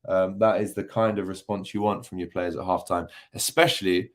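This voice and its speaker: A man's voice: deep voice, steady tone, a little fast. A young man hosting a casual football livestream, reading chat comments with jokey banter and lots of ums. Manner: chatty and jokey, many ums, teasing banter. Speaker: football channel host reading live chat.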